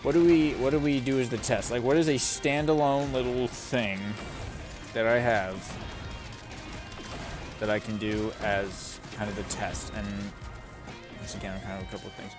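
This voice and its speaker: A man's voice: medium pitch, normal speed, long pauses. A man streaming a game, chatting casually in a rambling way and swearing often. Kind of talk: casual live-stream chat while gaming. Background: game music.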